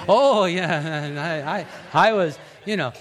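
A middle-aged man with a high-pitched voice delivers a sermon as a pastor. He preaches in an easy, conversational way, acting out quotes with sudden rises and hushed drops. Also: slow.

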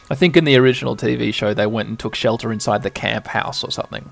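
A man hosting a podcast, casually narrating a game playthrough in a relaxed, rambling way. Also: medium pitch, quick pace, vocal fry, few pauses, soft background music. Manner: relaxed, rambling, with filler ums. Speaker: podcast host.

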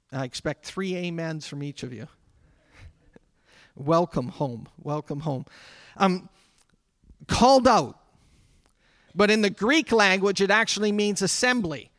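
In a church sanctuary, a man with a high-sitting, fairly bright voice delivers a conversational sermon as pastor, turning now and then to address people in the room directly. No room sound is audible.

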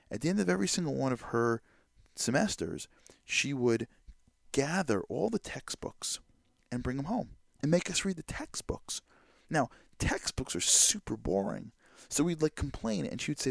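A man hosting a podcast, telling a personal story in a lively, chatty way with lots of fillers. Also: fairly high pitch, vocal fry, dry recording, studio quality. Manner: lively, quick anecdotal delivery with many fillers. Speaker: podcast host. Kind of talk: storytelling monologue.

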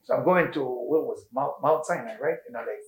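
A man teaching an informal Torah class, telling stories in lively, broken English sprinkled with Hebrew terms. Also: mid-range voice, fast talker. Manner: animated storytelling, non-native English with Hebrew terms. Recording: echoey room.

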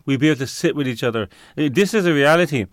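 A man speaking as a guest on a talk show, his voice smooth and clean and close to the mic with no room sound. He pauses to hunt for words and often restarts his sentences. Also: on the high side, animated, no room sound. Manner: searches for words, frequent fillers and restarts. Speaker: interview guest. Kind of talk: conversational interview answer.

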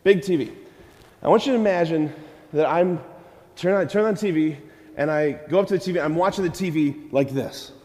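Male preacher with a high voice, animated sermon delivery, reverberant church hall. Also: fairly quick. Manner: animated, acts out prayers in a raised voice, engages listeners with questions.

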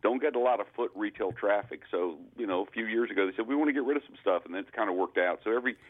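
A man calling in to a radio show as an auctioneer, talking in a laid-back, halting way. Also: fairly low pitch. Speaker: caller, auctioneer. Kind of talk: phone-in chat. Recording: tinny phone line.

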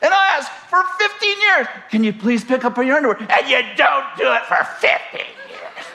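A man preacher voicing a fed-up wife who nags her husband in a shrill, rising complaint during a sermon. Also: sing-song, moderate pace, pushed and bright, slight background noise, full character voice. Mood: exasperated. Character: nagging middle-aged wife, shrill and fed up.

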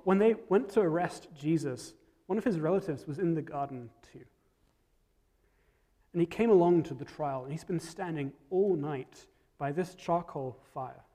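A man preaching a storytelling sermon, reflective, dropping to soft tones at key moments. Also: fairly high pitch, moderate pace, big-room sound.

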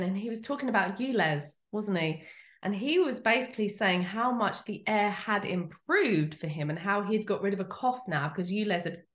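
A woman's voice: mid-range voice, a bit bright, echoey room. A woman co-hosting a casual podcast chat, telling stories in a rambling, chatty way. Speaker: podcast co-host.

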